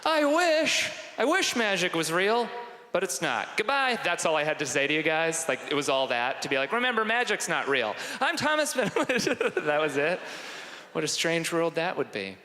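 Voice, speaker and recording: A man doing stand-up comedy with crowd work, animated and self-mocking, on stage before an audience. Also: fairly high pitch, normal speed. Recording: echoey hall, live stage.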